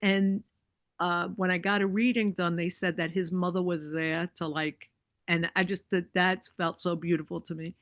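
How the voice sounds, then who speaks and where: A woman's voice: fairly low pitch, little pitch movement, normal speed, no room sound. Chatty woman telling a story. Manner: chatty, many likes and you-knows, acts out quoted voices. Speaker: podcast guest. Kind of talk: casual storytelling chat.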